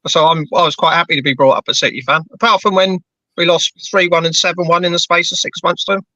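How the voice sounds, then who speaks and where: A man's voice: fairly high pitch, fairly even intonation, quick pace, bright, forceful tone, no echo, rough recording. A man with a mixed London and Bedfordshire accent, chatting casually as a football fan panelist and often repeating words as he starts a thought. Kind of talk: casual chat.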